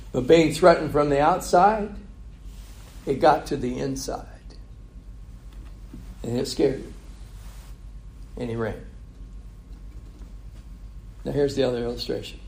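A man's voice: medium pitch, creaky, a little mellow, a little hiss or hum. A man preaching a conversational sermon, asking the congregation rhetorical questions.

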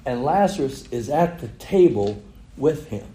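A man's voice: medium pitch, expressive, a little slow, warm tone, roomy sound, poor audio. A man preaching a sermon, retelling a story with chuckles and rhetorical questions. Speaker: pastor.

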